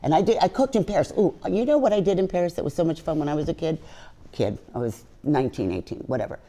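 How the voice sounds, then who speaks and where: Brash, profane older woman, low and mellow. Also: animated, quick pace, a little hiss or hum. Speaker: guest chef. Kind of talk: casual interview chat.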